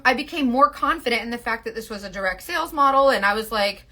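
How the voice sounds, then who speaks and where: Her voice runs on the high side, animated and brisk with few pauses, pushed and bright. The forties-aged woman wanders through talk of heading a makeup sales team, cutting herself off and tossing in "like" and side comments.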